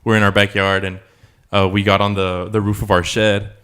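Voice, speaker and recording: A young man with a low voice chats casually on a podcast. He tells a rambling story with lots of filler words and bursts of laughter. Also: little pitch movement, normal speed, fairly bright tone, clear, resonant tone. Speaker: podcast co-host. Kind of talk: casual chat.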